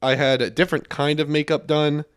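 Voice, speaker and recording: A man's voice: a little high, flat delivery, a little fast, clear, resonant tone. A young man, a podcast guest, telling stories in a rambling, casual way with many restarts. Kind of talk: casual chat.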